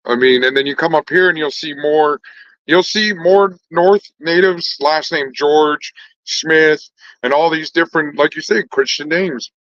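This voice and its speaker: A man's voice: a little high, measured pace, fairly bright tone, no echo. Laid-back slangy man, dull dry sound. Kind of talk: casual conversation.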